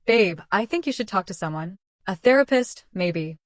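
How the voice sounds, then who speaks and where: A woman's voice: medium pitch, animated, normal speed, dry recording, close to an everyday voice. Woman doing condescending husband, fed up, dry close audio. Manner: patronizing, exasperated. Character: dismissive young adult husband, man.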